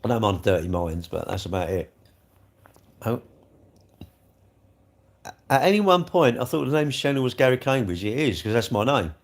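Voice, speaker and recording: Brief: rambling, jokey man chatting to his live-stream viewers, mid-pitched. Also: very animated, normal speed, long pauses. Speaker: livestream host reading chat. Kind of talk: casual live chat.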